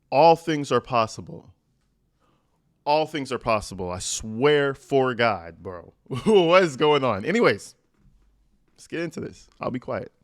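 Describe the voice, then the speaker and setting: A man's voice: medium pitch, smooth. A man hosting a reaction channel, reading letters aloud and breaking in with blunt, profane, mocking commentary.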